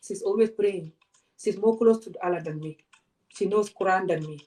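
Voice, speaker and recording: A woman's voice: mid-range voice, moderate pace, dark tone. Fiery woman. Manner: passionate, confrontational, many rhetorical questions. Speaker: vlogger. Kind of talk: direct-to-camera rant.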